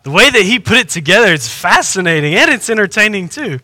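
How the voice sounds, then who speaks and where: A man delivers a sermon in a loose, conversational way, often doubling back on his words. His voice sits high and comes across very bright and cutting. The sound is close and dry, with no room around it. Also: very animated, fast talker, no echo. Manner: conversational preaching with repeated restarts. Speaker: pastor.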